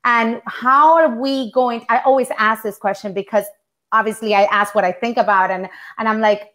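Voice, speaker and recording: A woman hosts a talk show and asks her guest long, searching questions. Her voice sits a little high. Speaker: host. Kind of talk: interview questions.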